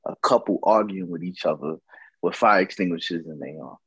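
A man's voice: sits low, brisk, a bit bright, husky, no echo, lo-fi sound. A man telling a casual story about a night out, slangy and profane, acting out what others said.

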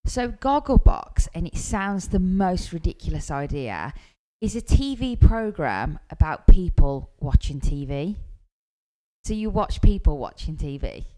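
A woman's voice: lowish voice, expressive, unhurried, mellow. A woman from the north of England, chatting casually as co-host and explaining British things. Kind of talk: casual podcast chat.

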